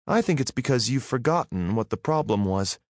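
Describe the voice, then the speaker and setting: A man's voice: medium pitch, animated, fairly quick, no echo, studio quality, pitched above the performer's own voice, close to an everyday voice. A man voicing a brash young woman fighter in an audiobook, mocking and cutting.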